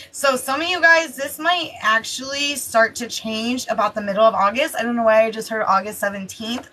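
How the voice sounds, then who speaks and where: A woman reading horoscopes in a casual, chatty way, excitable and often exclaiming. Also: on the high side, low-quality recording. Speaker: tarot reader giving daily horoscopes.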